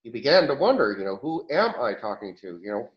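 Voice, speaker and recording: A man speaking as a channeled higher self in a question-and-answer session, rambling with restarts and chuckles. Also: very animated, fairly quick, lo-fi sound.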